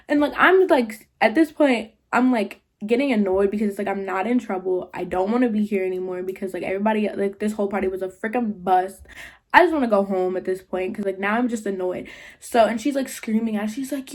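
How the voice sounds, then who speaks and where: A young woman vlogger retelling a party story in casual slangy talk, full of "like", with animated jumps into quoted voices. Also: mid-range voice, fairly quick. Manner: slangy, filler-heavy, 'like' often.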